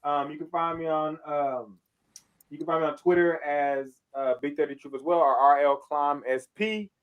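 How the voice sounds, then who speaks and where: A man co-hosting a casual sports podcast, animated, with loud outbursts and heavy swearing. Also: fairly high pitch, moderate pace, clean tone, phone-quality sound. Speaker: podcast co-host.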